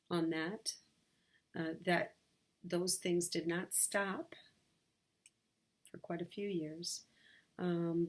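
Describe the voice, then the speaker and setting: A woman vlogging from her sunlit bedroom, sharing a personal story in a candid, halting way with many fillers. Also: fairly low pitch.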